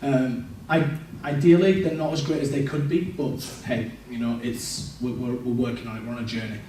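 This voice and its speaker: A man's voice: mid-range voice, fairly even intonation, moderate pace, warm tone, a little hiss or hum. A man giving a personal testimony in church, talking in an earnest, reflective way. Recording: echoey church room, mic at a distance.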